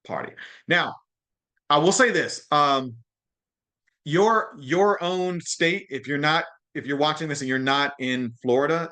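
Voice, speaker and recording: A man with a bright, forward voice hosts a group video call and talks in a loose, chatty way. He keeps checking in with "okay?" and "right?" and restarts his phrases as he goes. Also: mid-range voice. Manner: frequent restarts and repeated words. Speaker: host of a mastermind call.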